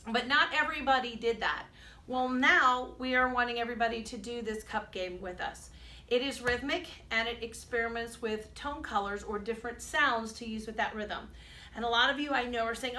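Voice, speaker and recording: A woman's voice: fairly high pitch, normal speed, pushed and bright. Chatty woman music teacher in echoey room. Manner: chatty, explains step by step, chants rhythms. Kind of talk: recorded music lesson for students. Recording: echoey room, mic at a distance.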